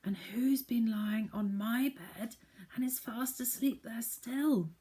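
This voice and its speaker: A woman voicing a tearful little baby bear cub in a storybook reading, with a high, wailing voice. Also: takes it slowly, mellow. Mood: indignant.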